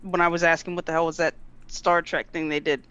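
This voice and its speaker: Brief: loud, animated co-host, mid pitch, slightly muffled lo-fi stream sound. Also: a little fast, clear, resonant tone. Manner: loud, animated, talks with hands. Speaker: livestream co-host. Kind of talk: casual live-stream chat.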